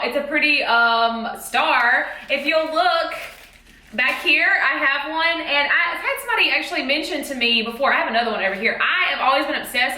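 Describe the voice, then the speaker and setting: A woman's voice: high-pitched, pushed and bright. A woman teacher chatting in a bubbly, exclamatory way about a haul of school supplies. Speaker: teacher vlogger. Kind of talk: casual haul vlog. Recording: echoey room.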